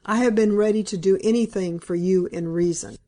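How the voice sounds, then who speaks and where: A woman reading the part of a stern, impatient male country gentleman in a storybook, speaking brusquely and emphatically. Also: medium pitch, a little fast, natural voice.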